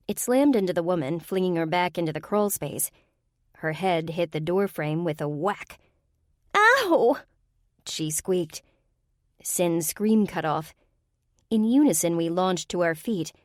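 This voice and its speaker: A woman's voice: lowish voice, a little mellow, no room sound, studio quality. A woman reading a first-person urban fantasy audiobook with a wry, comic delivery. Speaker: audiobook narrator.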